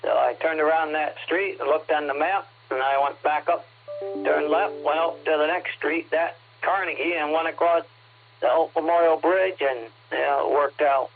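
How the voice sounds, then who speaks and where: A man with a slightly high voice comes through a thin, radio-limited channel. He tells a casual story in a meandering, folksy way. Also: steady tone, normal speed, vocal fry, soft background music. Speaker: ham radio net check-in. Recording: tinny radio transmission.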